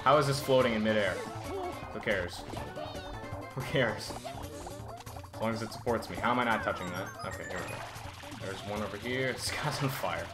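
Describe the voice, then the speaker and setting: A man's voice: on the low side, normal speed, long pauses. A man giving let's-play commentary, easily frustrated, exclaiming and grumbling at the game as he plays. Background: game music.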